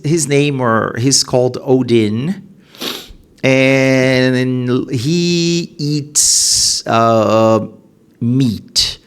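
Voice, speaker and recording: A man hosting his own show, casually testing himself out loud, laughing at his own mistakes, speaking into a headset. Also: medium pitch. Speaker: podcast host practicing Mandarin. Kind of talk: casual self-recorded practice session.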